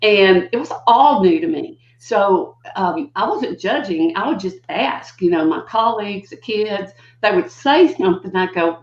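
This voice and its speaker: Older woman guest on a video call, lively storyteller who slips into voices, echoey room, muffled audio. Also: moderate pace, few pauses. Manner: animated, acts out quotes with big pitch jumps. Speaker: guest educator. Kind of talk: conversational storytelling. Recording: dull lo-fi audio in a roomy space.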